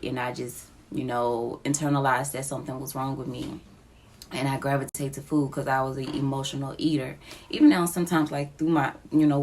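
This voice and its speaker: A woman speaks into her phone in a personal confessional vlog. Her voice sits low with a gravelly fry, and she talks slowly, pausing often. She sounds emotional and close to tears. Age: adult with children. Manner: slow, halting, emotional, near tears. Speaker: vlogger. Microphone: phone app recording.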